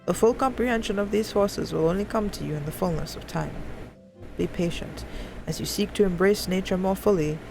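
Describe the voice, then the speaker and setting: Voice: medium pitch, a little fast, creaky, music in the background, natural voice, rough recording. A streamer voicing a stern male conjurer mentor in grave, formal tones, reading video game dialogue aloud. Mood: solemn.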